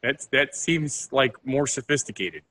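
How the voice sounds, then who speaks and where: A man co-hosting a comedy podcast, playful and quick with jokey asides, sometimes stammering as he starts. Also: mid-range voice, animated, sharp tone. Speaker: podcast co-host. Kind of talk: casual comedic chat.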